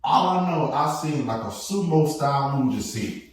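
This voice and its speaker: A man hosts a loose podcast chat, his voice sitting a bit high and swinging widely as he acts out stories. He laughs often. He sounds set back from the mic in a very echoey room. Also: normal speed, distant mic, a little hiss or hum. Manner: animated storytelling, laughing often. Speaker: podcast host. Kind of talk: casual chat.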